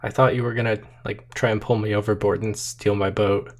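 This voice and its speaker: A man voicing a nervous, gruff ship captain who refuses visitors. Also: fairly low pitch, flat delivery, fairly quick, pitched below the performer's own voice, lightly acted. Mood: defensive.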